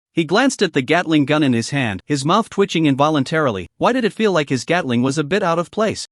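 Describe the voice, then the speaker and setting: A man reading a scripted story recap in a steady narrating voice. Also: fairly high pitch, dry recording, studio quality.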